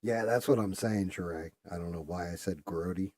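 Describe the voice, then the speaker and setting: A man with a low, mellow voice chats casually while he works on a painting. He rambles, swears freely and often trails off into quiet mutters. The sound is dry and close. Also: moderate pace, no echo. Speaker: streamer painting a figure. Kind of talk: casual chat while working.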